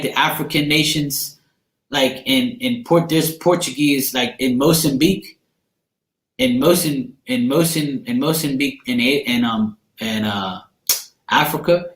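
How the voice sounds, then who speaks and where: A man's voice: mid-range voice, a bit bright, echoey room. A man from Bermuda with a Bermudian accent, rambling in slangy, profane casual chat as he hosts a livestream. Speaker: livestream host.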